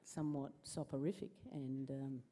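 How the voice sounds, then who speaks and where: A woman's voice: a bass voice, flat delivery, normal speed, dark tone. A woman introducing the evening's comedian at an awards event, hesitant and full of fillers.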